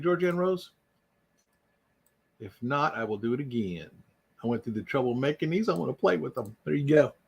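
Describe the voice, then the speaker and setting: A man's voice: medium pitch, fairly bright tone, breathy edge. A man hosting an unscripted livestream, rambling and joking as he greets viewers by name. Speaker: YouTube livestream host. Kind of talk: casual unscripted live chat.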